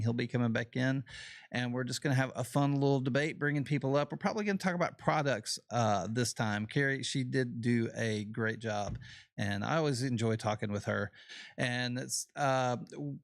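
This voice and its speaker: Gravelly easygoing Southern man host. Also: mid-range voice, dry recording, studio quality. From Southern United States. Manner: easygoing, folksy, rambling. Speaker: show host. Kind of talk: casual livestream interview chat.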